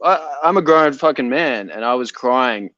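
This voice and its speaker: A man's voice: mid-range voice, animated, normal speed, fairly bright tone, no echo, lo-fi sound. A man talking as an interview guest in a casual chat, blunt and loose, swearing freely.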